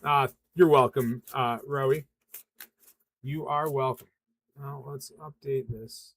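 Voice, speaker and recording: Relaxed rambling man doing tarot readings. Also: medium pitch, slow, slightly rough, no echo. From western Massachusetts. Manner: relaxed, rambling, many ums and uhs. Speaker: tarot reader hosting a livestream. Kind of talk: casual livestream tarot reading.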